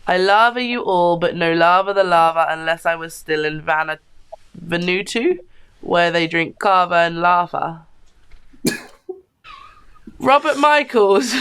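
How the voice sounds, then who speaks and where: A woman's voice: lowish voice, lively intonation, a bit bright, clear, resonant tone. Giggly woman reading comments aloud. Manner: reads comments aloud slowly and laughs often. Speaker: co-host reading viewer comments. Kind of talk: casual chat.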